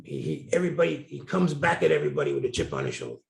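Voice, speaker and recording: A man's voice: on the high side, huge pitch swings, very fast, vocal fry. A middle-aged man from New Jersey, a guest telling candid, colorful stories in an interview. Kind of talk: storytelling interview. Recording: roomy echo.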